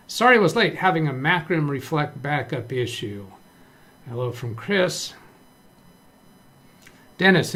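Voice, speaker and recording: A man hosts a live computer tutorial from a home desk with several monitors. He thinks aloud, reads out chat messages and often restarts his sentences. His voice sits at an ordinary middle pitch. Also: a bit bright. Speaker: live stream tech trainer. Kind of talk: casual live-stream tutorial.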